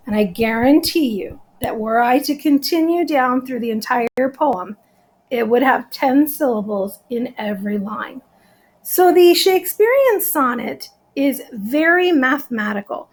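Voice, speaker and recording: A woman's voice: sits high, expressive, a little slow. A woman teacher giving a recorded lesson, explaining step by step and counting out syllables.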